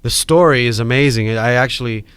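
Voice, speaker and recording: A middle-aged man from Hawaii with a Hawaiian accent, telling animated stories as a podcast guest. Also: mid-range voice, brisk, clean tone, no echo. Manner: animated storyteller acting out quoted voices. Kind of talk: storytelling in a podcast interview.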